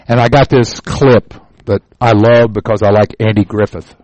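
A man's voice: on the low side, steady tone, normal speed, darkish tone, no room sound, low-quality recording. A man teaching an informal Bible lesson, telling the parable as a folksy, homespun story and often repeating words as he goes.

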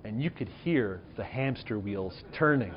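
A man in his thirties, a church pastor, tells a personal story in a chatty, self-deprecating sermon and puts questions to the audience. His voice sits on the low side and is expressive, with a slightly slow delivery. The recording sounds lo-fi.

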